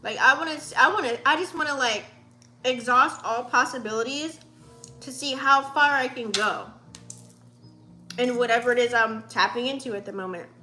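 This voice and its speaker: A woman's voice: a little high, moderate pace, sharp tone, soft background music. A woman in her late thirties giving a casual, profane, heartfelt pep talk in a spiritual vlog, with many fillers. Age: 30s. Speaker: vlogger.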